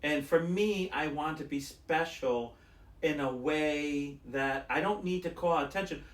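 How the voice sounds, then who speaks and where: Speaking a little slowly in a slightly high voice, a man co-hosts a podcast and rambles through stories in casual chat, acting out other people's lines. The room is echoey.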